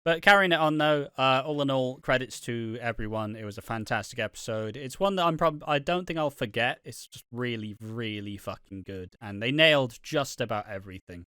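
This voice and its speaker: An English man chats on a podcast in a bright, clear voice. He stumbles and restarts his sentences often and swears offhandedly. The sound is close and dry. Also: mid-range voice, no room sound. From England. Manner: halting, many restarts, swears casually. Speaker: podcast co-host. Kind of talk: casual podcast chat.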